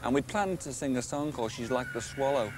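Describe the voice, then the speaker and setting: A man's voice: mid-range voice, lively intonation, a little fast, noisy background. An older man reminiscing outdoors in a chatty, enthusiastic way. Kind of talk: casual reminiscing.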